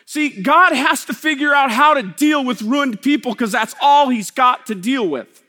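A man preaching a sermon, swinging between loud emphasis and hushed, slow lines. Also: extremely high pitch. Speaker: pastor. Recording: long hall reverb.

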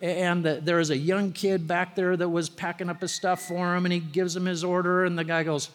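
Pastor, high male voice, chatty sermon with stories, long hall reverb. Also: little pitch movement, brisk. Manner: conversational storytelling preacher, rising emphasis on key phrases.

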